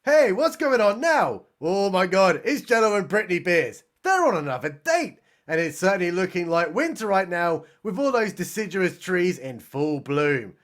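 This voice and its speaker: A man narrating a sarcastic comedic recap of a film as a reviewer, mocking it and swinging between deadpan asides and excited outbursts. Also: high-pitched, moderate pace, few pauses. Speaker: movie reviewer.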